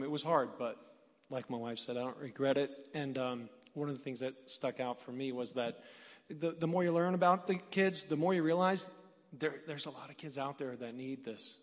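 A man on a panel, a former foster parent, talking haltingly and self-deprecatingly before an audience. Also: medium pitch. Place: large hall with an audience. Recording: hall reverb.

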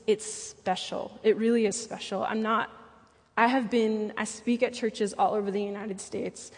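Husky woman preaching in an echoey hall. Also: medium pitch. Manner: earnest and personal, with playful asides. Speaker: church speaker. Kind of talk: sermon.

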